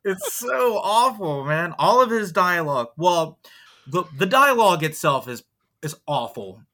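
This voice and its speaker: A man's voice: high-pitched, very animated, a little slow, bright, forceful tone. A man guesting on a podcast in casual chat, blunt and emphatic, swearing freely.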